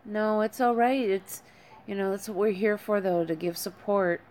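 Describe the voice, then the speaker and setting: A woman chatting casually on a live stream, calling viewers by name and comforting them gently. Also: mid-range voice, moderate pace.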